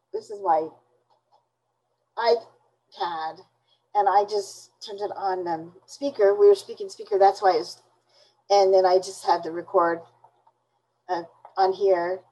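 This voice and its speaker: A woman being interviewed, recounting events in a halting, indignant way with many restarts. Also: lowish voice, steady tone, mellow, poor audio. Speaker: interview guest.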